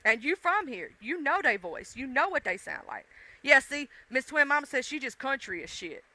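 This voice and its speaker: A woman with a mixed deep-South accent, rambling casually to her livestream chat, addressing viewers directly and swearing freely. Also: sing-song, normal speed, bright, forceful tone, rough recording. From Southern United States. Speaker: livestream host.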